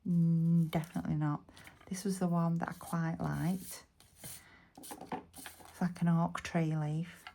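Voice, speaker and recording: A woman from Bolton in the north of England, her Lancashire accent plain in a slightly low-pitched voice. She chats casually through a craft tutorial and drops into soft, half-whispered mutters as she works. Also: flat delivery, takes it slowly, creaky, pauses often, slight background noise. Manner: chatty, muttering half-whispered asides while working. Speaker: craft vlogger.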